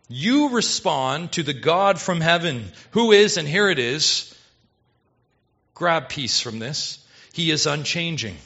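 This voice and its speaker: Forceful emphatic male preacher, lo-fi. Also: on the high side, very animated, slow, gravelly, husky. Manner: emphatic, rising to urgent exhortation. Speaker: pastor. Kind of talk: sermon. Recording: dull lo-fi sermon recording.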